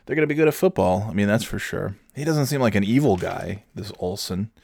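A man's voice: lowish voice, expressive, fairly quick, creaky, a little mellow, no room sound. A man hosting a casual talk show, ranting about sports in a profane, sarcastic, rambling way.

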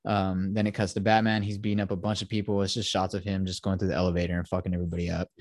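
A man's voice: sits low, flat delivery, racing, no echo, studio quality. A young man hosting a podcast, giving a rambling, profane retelling of a film plot in casual chat. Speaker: podcast host.

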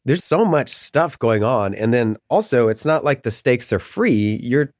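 A man's voice: mid-range voice, big pitch swings, measured pace, a little mellow, no room sound, studio quality. A middle-aged man talking as a podcast guest in casual, rambling chat, often laughing mid-sentence.

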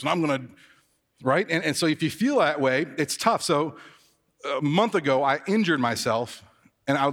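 Pastor in a reverberant hall. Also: male voice, fairly high pitch, fairly bright tone. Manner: conversational, self-deprecating storytelling. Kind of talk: sermon.

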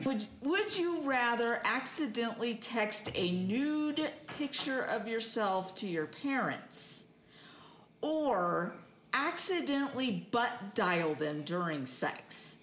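Easygoing giggly woman co-host, high and lively voice, echoey room with faint noise. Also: slow pace. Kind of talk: casual chat.

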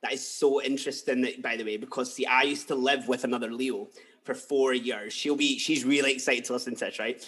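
A man's voice: mid-range voice, steady tone, fairly quick, a bit bright, breathy edge. A man hosting a chat, gushing and enthusiastic. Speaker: host. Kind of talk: casual chat.

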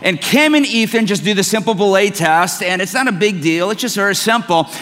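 A man's voice: high voice, lively intonation, fairly quick, a bit bright. A middle-aged man preaching a sermon as pastor, telling stories in a conversational, self-mocking way. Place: church sanctuary. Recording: long reverb of a church hall.

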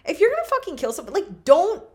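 A woman's voice: very high-pitched, very animated, quick pace. A woman in her thirties hosting a casual podcast chat, rambling, swearing often and laughing a lot. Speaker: podcast host.

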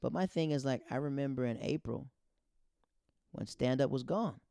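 A man who does stand-up comedy, telling stories in a casual, animated way and acting out the dialogue he quotes. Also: mid-range voice, moderate pace, gravelly, clear, resonant tone, dry recording, studio quality. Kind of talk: casual storytelling.

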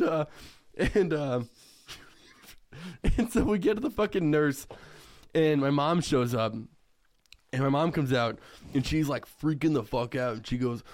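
Laughing, swearing young man storyteller. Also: a little high. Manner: profane, laughing often while telling the story. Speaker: podcast co-host. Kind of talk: casual storytelling chat.

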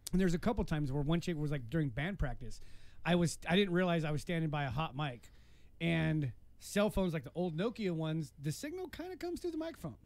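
A man hosting a podcast, telling crude stories in a casual, animated way and swearing freely. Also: on the high side, a little fast, no echo. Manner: animated, swearing, acts out voices in his stories. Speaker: podcast host. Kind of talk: casual storytelling chat.

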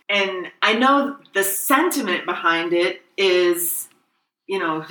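A woman's voice: lowish voice, animated, moderate pace, sharp tone. A woman in her forties co-hosting a podcast, telling stories in casual chat and laughing often. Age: 40s. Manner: chatty storyteller, laughs often. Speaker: podcast co-host. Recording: echoey room, voice a bit far from the mic.

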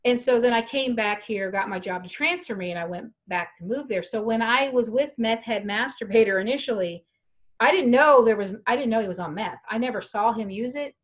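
A woman's voice: fairly high pitch, a little fast. A young adult woman telling a long, frank, rambling story in casual chat, laughing now and then. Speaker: guest storyteller.

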